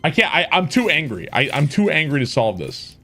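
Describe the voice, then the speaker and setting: Casting: male game streamer, high, bright voice, exasperated profane rants. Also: sing-song, fairly quick. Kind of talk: casual gameplay commentary.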